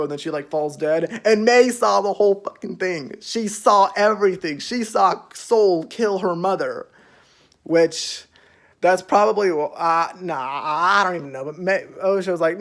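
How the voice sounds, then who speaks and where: A man's voice: high-pitched, moderate pace. A young man casually recapping a show's episodes, rambling with lots of fillers and freely swearing. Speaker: show reviewer.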